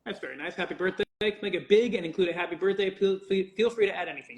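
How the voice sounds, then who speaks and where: A man's voice: sits high, fast, few pauses, roomy sound. A man chatting casually on a livestream as he signs autographs for fans. He rambles, interrupts himself and swears jokingly. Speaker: voice actor signing autographs for fans.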